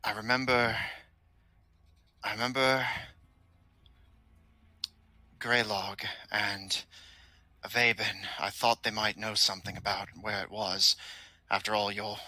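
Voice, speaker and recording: A man doing a calm, formal masked henchman. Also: lowish voice, measured pace, no echo. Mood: recalling.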